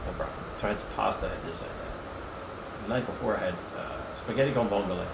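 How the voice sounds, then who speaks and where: A man's voice: on the low side, fast, creaky. A middle-aged man, a podcast guest, telling profane comic stories in a casual chat and acting out the quotes. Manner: animated, profane, comic storyteller who acts out quotes. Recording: roomy, distant and noisy podcast mic.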